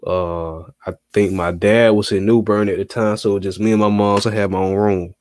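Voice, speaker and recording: A man's voice: fairly low pitch, fairly even intonation, brisk, a little mellow. Slangy laid-back young man telling a story. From North Carolina. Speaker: podcast co-host. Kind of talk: casual storytelling. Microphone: remote call.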